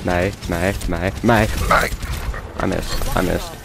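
An Australian man giving live commentary over his own game, swearing and mocking himself with sudden excited outbursts. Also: low-pitched, slow pace, gravelly, background noise. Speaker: gameplay commentator. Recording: game music loud behind voice.

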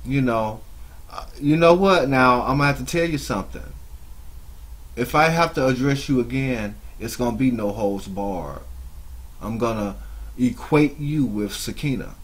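A man with a husky, slightly breathy voice delivers mocking reaction commentary. He scolds his target and drifts into long, drawn-out asides. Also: mid-range voice. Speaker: YouTube commentator.

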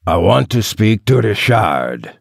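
A man voicing an angry, heavyset male caller with a deep, growling voice and a French accent, curt and interrupting. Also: big pitch swings, slow, creaky, dry recording, clean studio sound, heavily acted. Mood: gruff.

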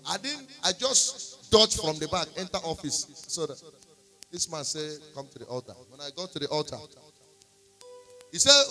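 A man's voice: a little high, sing-song, normal speed, pauses often. A man with a Nigerian accent preaching a sermon in church, telling a testimony and slipping into pidgin. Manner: storytelling, slipping into pidgin, rising to shouts and singing. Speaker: prophet preaching. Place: church service.

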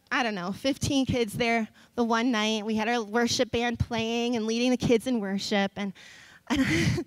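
High-voiced woman preaching, lively storytelling. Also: no room sound, low-quality recording. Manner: animated storytelling, laughs often. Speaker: kids' pastor. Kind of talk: sermon. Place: church stage.

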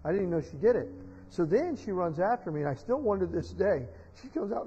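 High-voiced preaching man in a church. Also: animated, fast, a little hiss or hum. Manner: storytelling, rising to loud emotional preaching. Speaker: pastor. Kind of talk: sermon. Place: church sanctuary. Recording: dull sound in a reverberant church hall.

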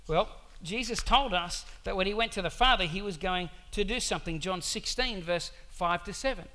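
A male pastor preaching to his church in a conversational, animated way, full of rhetorical questions. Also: high voice, normal speed. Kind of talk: sermon.

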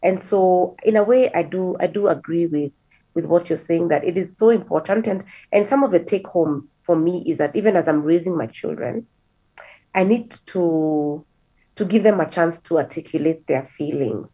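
Low, husky-voiced woman host. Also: moderate pace, narrow, tinny audio. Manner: reflective, thinking aloud with repeated words. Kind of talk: casual talk show conversation.

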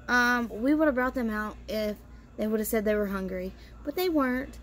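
A woman vlogger with a slightly high voice tells a family story at a moderate pace in a casual style. She's blunt, swears freely, and fills her speech with lots of "you know."

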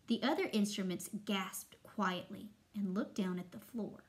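Slow, expressive woman teacher reading aloud. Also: medium pitch. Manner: expressive, with long pauses. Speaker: first-grade teacher. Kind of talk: reading a story aloud to children.

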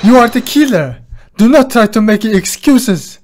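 A gamer putting on a gruff Russian-accented ship officer. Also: mid-range voice, animated, measured pace, a little hiss or hum, lightly acted. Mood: accusing. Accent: fake Russian. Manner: gruff, accusing. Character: stern male ship officer interrogating a suspect. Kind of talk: let's play voice acting.

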